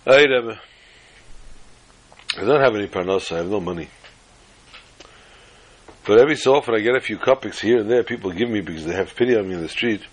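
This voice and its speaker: A poor, groveling drunkard, voiced by a man telling the story, pleading and confessing in a husky, low voice. He talks humbly and anxiously, begging not to be punished. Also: fairly quick, long pauses.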